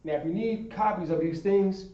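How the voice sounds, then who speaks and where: A man's voice: high-pitched, moderate pace, mellow. A man teaching a class, repeating himself and often asking if the students understand. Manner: repetitive, checks in with "you understand?". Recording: echoey room, far from the mic, dull lo-fi.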